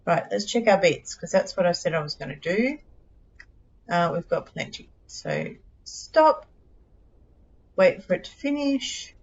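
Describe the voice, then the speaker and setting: A woman's voice: on the low side, very animated, unhurried, vocal fry, pauses often, husky, highs cut off. A middle-aged Australian woman streaming a game live, chatting casually in a scattered, giggly, self-mocking way.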